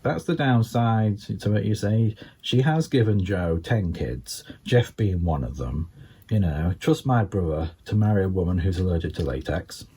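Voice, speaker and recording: An older Englishman with a Scouse accent and a husky voice does a rambling stand-up comedy routine at normal speed. It's full of ums, you-knows and asides, with lively swings in pitch.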